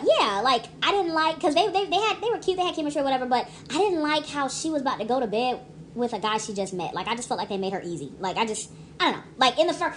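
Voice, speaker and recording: A woman's voice: high voice, a bit bright, a little hiss or hum. A young woman casually rambling through a movie review, chatty and emphatic with lots of restarts.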